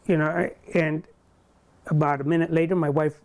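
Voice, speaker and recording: An older man being interviewed, recounting a personal story in a halting way, full of restarts. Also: on the high side, level tone. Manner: halting, with many restarts and quoted dialogue.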